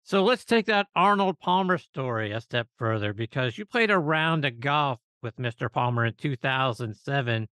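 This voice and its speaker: A man hosts the interview and sets up his guest's stories with detailed prompts. His voice is bright, crisp and fairly high. The sound is close and dry. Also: animated, normal speed, few pauses, no room sound. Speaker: podcast host. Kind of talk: interview questions.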